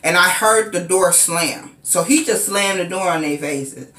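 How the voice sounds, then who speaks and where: A woman telling a personal story in casual vlog style, sometimes acting out frantic cries in a high voice. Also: unhurried, a bit bright. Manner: emotional retelling, acts out frantic cries in high pitch. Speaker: vlogger. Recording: echoey room.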